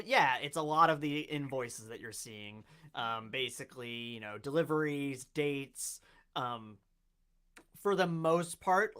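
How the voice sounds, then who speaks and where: A man's voice: on the high side, sharp tone, clear, resonant tone. A man running a tabletop game as game master, chatty and laughing often.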